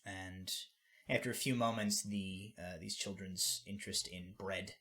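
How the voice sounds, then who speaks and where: A man with a fairly low voice runs a tabletop game, describing scenes in a loose, casual way full of um and like. He talks as if to friends around a table. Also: steady tone, moderate pace, bright, forceful tone. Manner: casual, many fillers and restarts. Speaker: game master.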